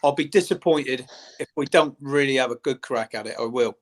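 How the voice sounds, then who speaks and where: A man's voice: mid-range voice, a little fast. A man giving earnest, plain-spoken thoughts as a guest pundit on a live fan show.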